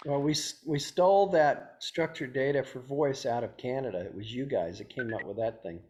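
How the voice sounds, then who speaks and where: A male presenter speaks plainly and technically over a video call. His voice sits at a middle pitch. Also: normal speed, a little mellow. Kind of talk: Zoom meeting discussion.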